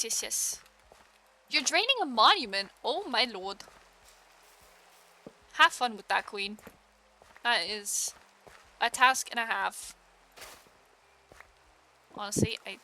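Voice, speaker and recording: A young woman streamer chatting casually with her viewers while she plays, giggling often and breaking into excited exclamations. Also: a little high, slow pace, long pauses, no room sound, faint music behind.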